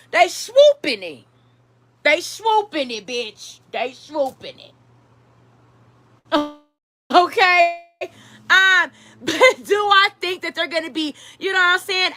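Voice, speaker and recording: A woman vlogger giving loud, profane, laugh-filled casual commentary. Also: sits high, no echo.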